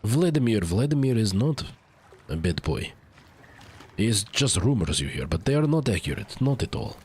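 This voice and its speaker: A man's voice: fairly low pitch, big pitch swings, normal speed, darkish tone, breathy edge, exaggerated voice. A man putting on a cartoon Russian tough guy. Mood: brooding. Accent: put-on cartoon Russian.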